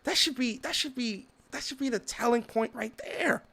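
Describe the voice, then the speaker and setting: A man's voice: very high voice, moderate pace, vocal fry, pushed and bright. A man hosting a podcast, ranting in opinionated solo commentary, swearing freely and acting out little dialogues. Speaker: podcast host.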